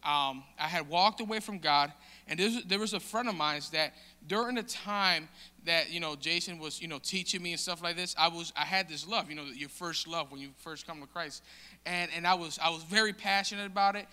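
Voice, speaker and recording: A man giving a casual, halting testimony in a sermon, with many restarts and fillers. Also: a little high, bright, forceful tone. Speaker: church member sharing testimony. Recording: long hall reverb.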